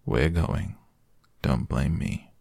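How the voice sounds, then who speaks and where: A man voicing a gloomy old donkey who grumbles in a slow, flat, sulky drawl, in a storybook reading. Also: rumbling low, vocal fry, no echo, studio quality, exaggerated voice.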